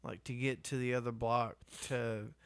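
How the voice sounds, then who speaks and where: A man's voice: mid-range voice, fairly even intonation, normal speed, a bit bright, clean tone, dry recording. A man, co-hosting a podcast and telling a story in casual, profane chat with lots of laughter. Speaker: podcast co-host.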